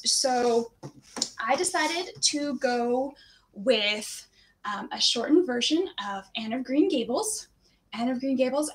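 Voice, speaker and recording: A woman reading stories aloud to children in a cheerful, animated and expressive way. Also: on the high side. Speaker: storyteller for children. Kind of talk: children's read-aloud storytime.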